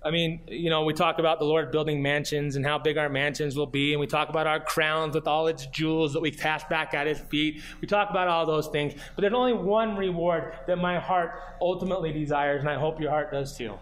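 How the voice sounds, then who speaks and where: High-pitched guy preaching, reads scripture, keeps asking the congregation questions, earnest. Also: steady tone, a little fast, hardly any pauses, a bit bright. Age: adult, grew up and did junior high marching band. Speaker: pastor. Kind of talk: sermon.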